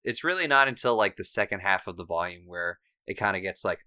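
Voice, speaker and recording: A man's voice: low voice, lively intonation, fast talker, hardly any pauses, sharp tone, no echo, studio quality. A man co-hosting a podcast in casual chat, laid-back with frequent fillers. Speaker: podcast co-host and editor.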